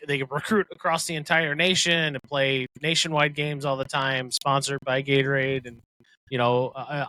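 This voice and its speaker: A man's voice: a little high, bright, forceful tone, no echo. A man co-hosting a casual podcast, chatting, laughing often and reading a synopsis aloud. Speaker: podcast co-host. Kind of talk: casual chat.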